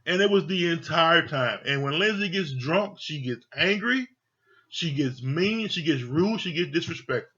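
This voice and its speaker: A man's voice: fairly high pitch, animated, moderate pace, sharp tone, lo-fi sound. A man casually reviewing a reality show, talking bluntly and profanely with an exasperated edge.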